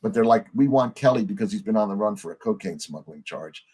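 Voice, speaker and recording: A man, a podcast guest, telling long stories in a relaxed conversational way and acting out the other people's lines himself. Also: fairly low pitch, fast talker, slightly rough. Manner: animated storyteller acting out quoted voices. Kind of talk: conversational storytelling.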